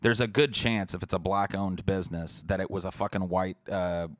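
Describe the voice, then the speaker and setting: A man's voice: low voice, fairly even intonation, normal speed, dry recording, clean studio sound. A podcast host, a man, giving a heated, profane livestream rant while answering chat messages.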